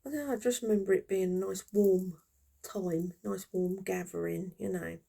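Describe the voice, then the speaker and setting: A woman's voice: mid-range voice, steady tone, moderate pace, vocal fry, dark tone. A woman in her fifties chatting casually and reminiscing while she crochets, in a rambling, friendly way. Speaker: crafter vlogger.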